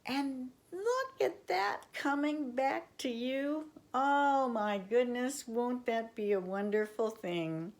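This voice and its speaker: Older woman reading stories slowly. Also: high voice. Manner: warm, affectionate, expressive. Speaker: children's story reader. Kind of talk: storybook reading for children.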